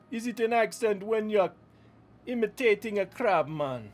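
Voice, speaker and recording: A man's voice: high-pitched, lively intonation, slow pace. A man casually chatting to viewers while opening trading card packs at home, playful and talkative. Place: room at home with fans running.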